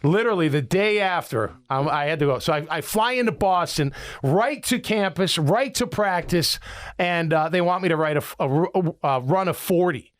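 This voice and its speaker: A middle-aged man from Illinois, a sports radio host, telling rambling, animated stories with many restarts in casual talk. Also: high voice, normal speed.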